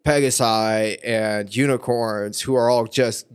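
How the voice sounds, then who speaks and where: A man's voice: on the low side, steady tone, slow, clear, resonant tone. A man co-hosting a podcast, joking crudely and hesitating with fillers while recapping a cartoon. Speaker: podcast co-host. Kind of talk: casual chat recapping a cartoon episode.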